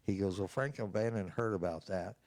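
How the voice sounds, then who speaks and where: A man's voice: fairly low pitch, brisk, a little mellow, no echo. An older man, a state representative, answering interview questions with folksy anecdotes full of acted-out dialogue.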